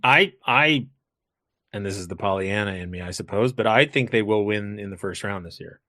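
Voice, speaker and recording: A man hosting a hockey podcast in casual chat, easygoing and quick to agree. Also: on the low side, bright, forceful tone, no room sound, clean studio sound. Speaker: podcast host.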